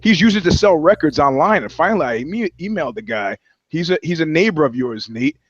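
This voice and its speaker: A man's voice: a little high, expressive, fairly quick, no room sound, muffled recording. A man talking as a podcast guest, telling loose, profane anecdotes in casual chat. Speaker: guest, touring musician.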